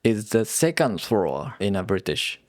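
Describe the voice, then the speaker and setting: A man co-hosting a podcast in English, giving short replies with halting phrasing. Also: on the low side, big pitch swings, darkish tone, dry recording, studio quality. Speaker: podcast co-host. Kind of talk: casual chat.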